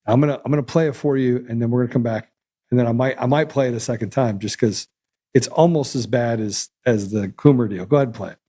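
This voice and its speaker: A man's voice: medium pitch, fast, dark tone, slightly rough. A man hosting a podcast, commenting in a blunt, heated, sarcastic way. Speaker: podcast host. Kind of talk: casual commentary.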